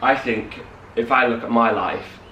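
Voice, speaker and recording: A man's voice: medium pitch, measured pace, muffled recording. Young man rambling in casual chat. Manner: rambling, animated quoting. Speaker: co-host. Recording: roomy, distant mic, faint hiss.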